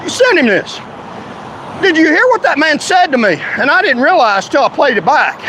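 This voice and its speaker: A man's voice: very high voice, sing-song, moderate pace, bright, forceful tone, slight background noise, low-quality recording. A man in a heated, indignant, confrontational rant straight to his followers. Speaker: vlogger ranting to followers. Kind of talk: angry direct-to-camera rant.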